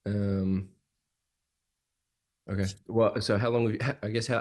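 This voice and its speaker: A man's voice: lowish voice, steady tone, measured pace, darkish tone. A man practising a sales call, hesitant and casual, often repeating words. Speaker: salesperson in training.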